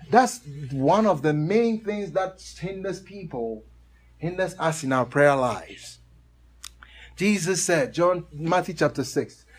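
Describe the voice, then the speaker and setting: High-voiced, slow, chuckling male preacher. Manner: slow, emphatic scripture reading with frequent chuckles. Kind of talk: sermon with Bible reading.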